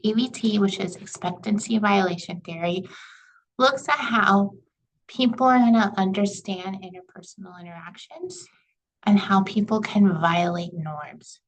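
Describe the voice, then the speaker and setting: A young woman teaching a college communication class over slides, chatty and relaxed, often saying "like" and "you know.". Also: medium pitch, measured pace, poor audio. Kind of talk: recorded lecture over slides.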